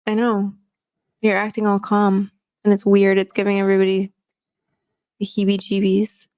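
A woman co-hosts a live dog-training Q&A. She reads out viewer questions and chats with the host, laughing and teasing him often. Her voice sits at a middling pitch. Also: completely flat delivery, normal speed, darkish tone. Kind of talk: casual live Q&A.

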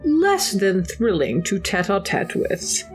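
A woman's voice: medium pitch, big pitch swings, slow, soft background music. A woman voicing a prim Regency society gossip columnist, reading an arch, genteel report. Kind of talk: mock-formal recap reading.

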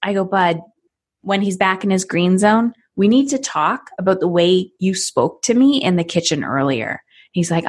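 On a podcast, a woman in her thirties who works as a parenting coach speaks in a husky, lowish voice at normal speed. She animatedly plays out small scenes, switching voices for each character.

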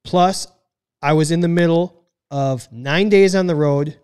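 Talky guy on a podcast, kinda higher voice, overshares, pokes fun at himself. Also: a little slow, a little mellow, smooth. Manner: chatty oversharer, self-deprecating. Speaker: podcast co-host. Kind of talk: casual chat.

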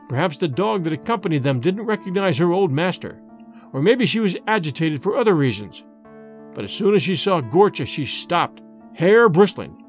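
A man narrating a story in an expressive, measured way, as an audiobook reading. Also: fairly high pitch.

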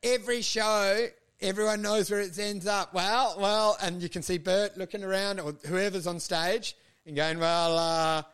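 Guy doing crude podcast comedy, high pitched, loud and animated. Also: moderate pace, clean tone. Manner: animated, profane, launches into mocking voices. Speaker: podcast host.

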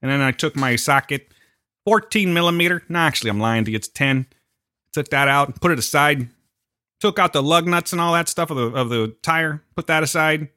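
A man's voice: a little high, fairly quick, pushed and bright, no echo, studio quality. A young man co-hosting a casual chat, joking and rambling with mock-serious asides. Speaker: podcast co-host.

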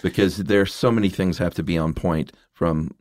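A man with a low voice hosts a relaxed interview, nudging his guest along with quick agreeing replies. His tone is easygoing and friendly. The recording is dry and close-miked. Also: no room sound. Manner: easygoing, encouraging with short backchannels. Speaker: podcast host. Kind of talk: casual interview chat.

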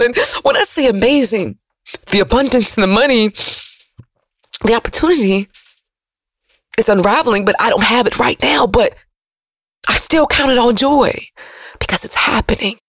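A woman radio host, giving an emotional, preachy motivational monologue that swings from loud to soft. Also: on the high side, expressive, normal speed, pauses often, no room sound.

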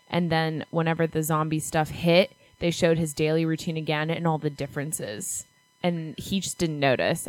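A blunt woman co-hosting a movie chat who swears freely as she gives her opinions. Her voice sits on the low side. The sound is close and dry, with no room echo. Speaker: podcast co-host. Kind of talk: casual movie review chat.

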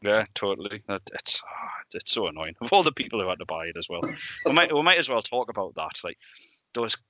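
A man co-hosting a podcast in a casual, animated way, laughing often and restarting his sentences. His voice sits a little low but sounds bright and forceful. The recording is dry and dull, lacking top end. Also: fairly quick, dry recording. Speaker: podcast co-host. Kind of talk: casual chat.

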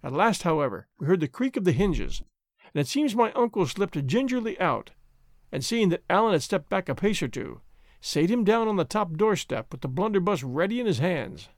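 A man narrating a novel chapter in measured storytelling. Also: sits high, very animated, no echo, studio quality. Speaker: audiobook narrator. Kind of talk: scripted narration.

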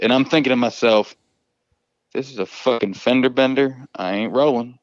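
A man's voice: mid-range voice, moderate pace, no room sound, muffled recording. A man telling a profane, rambling work story as a volunteer firefighter, laughing often. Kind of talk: casual storytelling.

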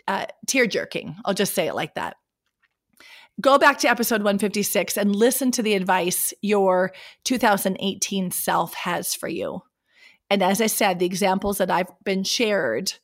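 A middle-aged woman hosting a solo podcast, her voice scratchy from a cold, talking animatedly, laughing and clearing her throat. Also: medium pitch. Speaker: podcast host. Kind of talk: casual solo podcast talk.

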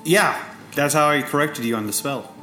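A man playing in a tabletop game, low-key and sure of the rules. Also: normal speed, music in the background. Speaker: player. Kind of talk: casual tabletop play.

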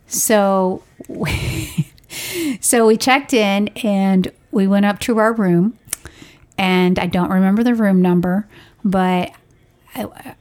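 Mom podcast co-host, rambly and chatty, mid-pitch easy voice. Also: female voice, darkish tone. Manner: chatty, rambling, laughs while telling stories. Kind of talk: casual storytelling chat.

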